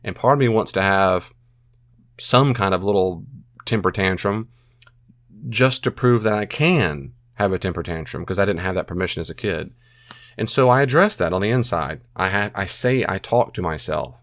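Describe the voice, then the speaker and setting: Earnest low-voiced man giving advice. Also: expressive, moderate pace, a bit bright, dry recording, studio quality. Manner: earnest, repeats phrases, acts out self-talk. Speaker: podcast host answering a listener. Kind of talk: casual advice monologue.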